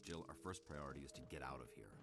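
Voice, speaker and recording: A scheming squad captain, cold and controlled. The voice sits extremely low and speaks in a flat, measured way. Loud music plays under the game dialogue. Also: male voice. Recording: game audio over music.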